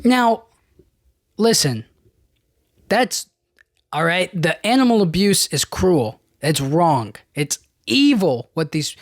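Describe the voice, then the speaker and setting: A young man talks through a film in a loose, rambling podcast monologue, full of filler words and exasperated asides. His voice sits a bit high for a man. The sound is close and dry. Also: big pitch swings, slow pace, pauses often, no room sound. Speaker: podcast host. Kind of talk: casual movie review monologue.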